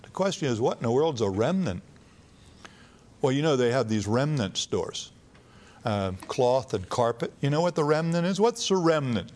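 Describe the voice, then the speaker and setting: A man's voice: medium pitch, very animated, moderate pace, darkish tone. A man preaching a sermon in a conversational teaching manner, reading scripture aloud with rising emphasis.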